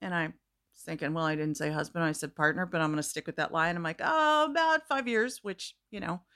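Woman guest storyteller, bright edge to the voice, lively and theatrical in conversation. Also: on the low side, fairly quick. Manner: animated, acts out quoted voices, laughs often. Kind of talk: casual storytelling chat.

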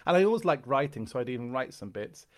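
A middle-aged man with an Irish accent spins stories with lots of energy. He drops into little character voices as he goes, and his pitch sits in an ordinary middle range. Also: fast talker. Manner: animated raconteur, slips into character voices. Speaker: guest comedian. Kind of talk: conversational storytelling.

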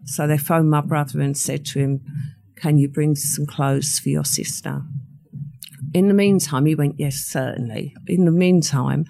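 A woman's voice: low voice, fairly even intonation, measured pace, creaky, mellow. An older woman, recounting a true crime story as an interview guest and acting out the quoted voices.

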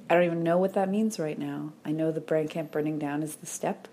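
A low, husky woman's voice with a gravelly fry, talking softly and close in a reflective podcast monologue. Her tone is dark and mellow, and she often sinks into a whisper, near tears. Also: steady tone, fairly quick, slight background noise. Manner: soft, intimate, drops into whispers when moved. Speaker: podcast host.

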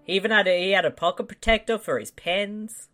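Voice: medium pitch, fairly quick, bright, forceful tone, soft background music. A podcast co-host in casual chat who teases and laughs along.

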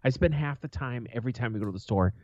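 A man's voice: medium pitch, fast talker, a little mellow, dry recording. A man co-hosting a podcast, telling stories in a blunt, profane, aggressive way. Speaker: podcast co-host. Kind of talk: casual storytelling chat. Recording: slightly dull, lo-fi sound.

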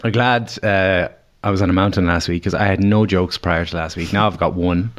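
A man's voice: low voice, fairly even intonation, a little fast. A man, a podcast guest, telling anecdotes in casual chat and laughing often. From Ireland. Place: recording studio.

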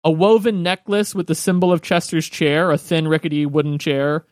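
Game master, man with a high voice, relaxed, laughs easily, dry room. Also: moderate pace, no room sound. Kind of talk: narrating a tabletop game.

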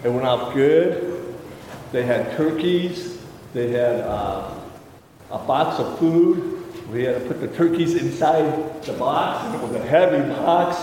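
A man from the congregation offers plain, heartfelt thanks in a mellow, slightly high voice at a slow pace. He sounds very echoey, with a long church reverb. A faint room ambience sits behind him. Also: slight background noise. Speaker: congregation member. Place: church sanctuary. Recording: echoey church picked up from far off.

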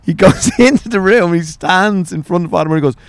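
A man's voice: high-pitched, fast, creaky, no room sound. A man with an Irish accent, in his forties, telling swearing, laughing anecdotes about his family in a casual interview. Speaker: guest, author.

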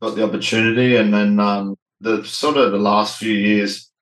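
A man's voice: lowish voice, fairly even intonation, normal speed, fairly bright tone, echoey room, poor audio. A man in his thirties with an Australian accent, a former rugby league player talking casually as an interview guest, laid-back, with lots of "like" and "you know".

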